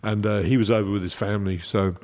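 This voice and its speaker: A fast-talking man with a fairly low voice, a chef from England, is chatting casually. He launches into rambling anecdotes with animated storytelling.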